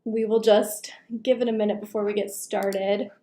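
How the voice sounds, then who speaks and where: A woman hosting a casual live Q&A, greeting viewers by name in a chatty way, her voice going hoarse as she talks into a computer microphone. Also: mid-range voice, flat delivery, normal speed, dark tone. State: losing her voice. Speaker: live stream host. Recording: echoey room on a computer mic.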